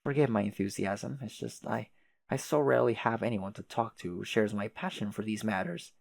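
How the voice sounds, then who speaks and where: A man with a lowish, steady voice speaks fairly quickly with some vocal fry, recorded dry. He plays a prim, verbose troll advisor who puts on a British manner, fussy, formal and long-winded, all delivered in earnest.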